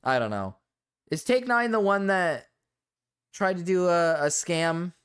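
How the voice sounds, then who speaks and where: A man's voice: sits high, very animated, a little slow, fairly bright tone, smooth. A man streaming live, chatting casually in a rambling, blunt way, full of fillers and swearing. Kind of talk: casual livestream chat.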